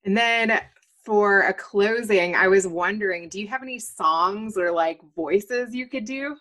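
A woman with an average pitch hosts a casual interview. She asks her questions in a friendly, enthusiastic way. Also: a little slow, a bit bright.

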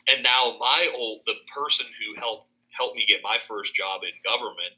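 This Pennsylvania man in his thirties, a college faculty member appearing as a podcast guest, chats casually, restarting sentences and laughing frequently. He speaks at a moderate pace in a lowish, sharp-toned voice, captured on a low-quality recording.

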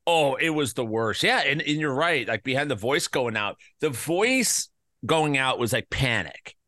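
A male podcast host with a bright, forceful voice, recorded close and dry with no room sound. He rambles loosely and throws in crude jokes, and his voice sounds slightly worn from an illness he is getting over. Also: medium pitch, animated, a little slow, dry recording. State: recovering from covid, voice slightly worn. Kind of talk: casual podcast chat.

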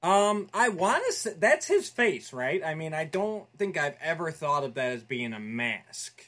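A man's voice: on the high side, a little slow. A man co-hosting a casual podcast chat, playful and joking about toys and cartoons. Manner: playful, jokey, animated. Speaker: podcast co-host.

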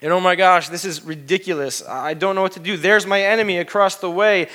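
A middle-aged male pastor preaching a sermon with passion, his voice swinging from hushed to loud exclamations. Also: sits high, steady tone, fairly quick.

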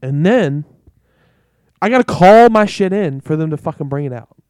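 Young male podcast co-host, profane ranter, slightly high voice, dry sound. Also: lively intonation, moderate pace, darkish tone, clear, resonant tone, dry recording. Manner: profane, ranting, exasperated. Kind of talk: casual chat.

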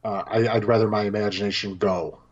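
A man co-hosting a casual film podcast, talking with animated energy, swearing freely and acting out lines from scenes. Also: on the low side, a little fast, highs cut off. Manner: animated, swears, acts out quotes. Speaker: podcast co-host.

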